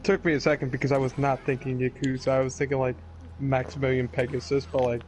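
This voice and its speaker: A man's voice: medium pitch, level tone, fast, a little mellow, a little hiss or hum. A young man, likely the game master, chatting casually and jokingly with fellow tabletop players, full of fillers.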